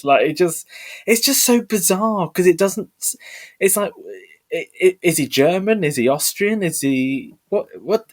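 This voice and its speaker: A podcast co-host chatting casually, animated and incredulous. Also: mid-range voice, normal speed. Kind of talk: casual chat.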